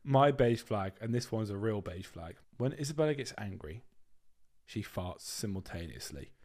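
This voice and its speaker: A man's voice: fairly low pitch, animated, normal speed, a little mellow. A young man co-hosting a podcast with his girlfriend, teasing her and mimicking others in casual banter. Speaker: podcast co-host.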